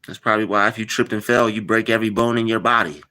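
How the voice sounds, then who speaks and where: A man with a lowish, steady, sharp-toned voice hosts a live stream at a quick pace. He talks casually, mocking his chat and answering it with plenty of repetition.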